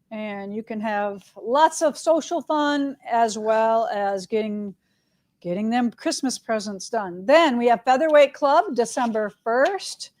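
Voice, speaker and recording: A woman's voice: fairly high pitch, darkish tone. Chatty, upbeat woman shop host. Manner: chatty and upbeat, lots of "all right" and "right?". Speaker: quilt shop owner hosting a live show. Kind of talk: casual live-stream chat with announcements.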